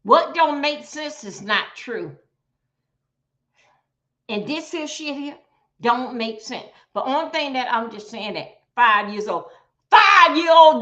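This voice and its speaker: A woman hosts a casual livestream, calling out to viewers bluntly, profanely, and with lots of exclamations. Her voice is high and bright, and its sharp edge comes through dull, lo-fi stream audio.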